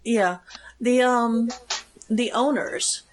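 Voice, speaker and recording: A woman's voice: a little high, drawn-out words, rough recording. A woman co-hosting a casual interview podcast, asking short questions with small hesitations. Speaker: podcast co-host.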